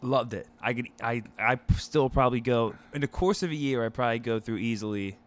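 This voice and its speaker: A mid-pitched man in his thirties chatting loosely as a podcast co-host. He tells stories with animated energy and drops swear words freely. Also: fairly quick. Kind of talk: casual chat.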